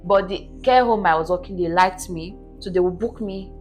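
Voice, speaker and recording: A woman telling her life story as a podcast guest in a relaxed chat, earnestly checking that her listener understands. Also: lowish voice, normal speed, faint music behind. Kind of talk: casual interview storytelling.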